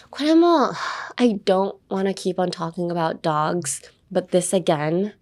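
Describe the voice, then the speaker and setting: With a mid-range voice, lively intonation, and normal speed, a young woman teaches English pronunciation on her casual podcast. English is her first language, and she playfully repeats words again and again to demonstrate them.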